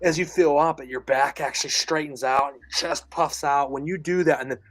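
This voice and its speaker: Reading listener comments, a male podcast co-host offers earnest advice, emphatic and coaching, often repeating himself. His fairly high voice is steady, brisk, and a bit bright, though he's losing it. The sound is dry and close with no room noise.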